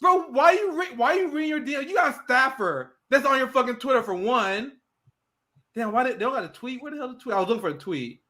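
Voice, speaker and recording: Young male podcast host, high bright voice, swearing and mocking in loose banter. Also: animated, quick pace. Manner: profane, ranting, mocking impressions. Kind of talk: casual chat.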